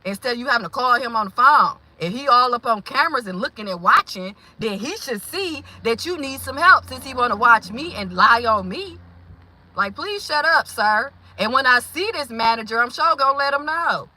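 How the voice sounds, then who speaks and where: Bright-voiced, blunt woman venting. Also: a little high, moderate pace, low-quality recording. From Milwaukee, Wisconsin. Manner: animated, blunt, confrontational. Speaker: vlogger. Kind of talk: venting monologue.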